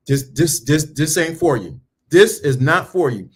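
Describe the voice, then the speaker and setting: A blunt man in his fifties speaking hosts his own channel and lectures in a preachy, repetitive way. He mocks the people he is turning away and keeps circling back to the same lines. His voice sits a little high for a man. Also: lively intonation, a little slow, slightly rough. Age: 50s. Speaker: channel host. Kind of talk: blunt motivational monologue.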